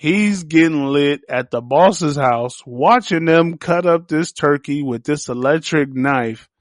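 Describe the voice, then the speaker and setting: Man podcast host, higher voice, casual profane series recap, dry close sound. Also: slow, no echo. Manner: animated, profane storytelling that acts out quotes. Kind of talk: casual solo TV series review.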